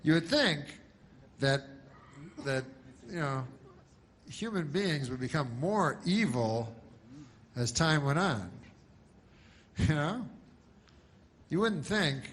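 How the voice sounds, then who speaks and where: A male stand-up comedian telling jokes in a deadpan, rambling way, full of restarts and filler. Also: fairly high pitch, slow, pauses often, breathy edge.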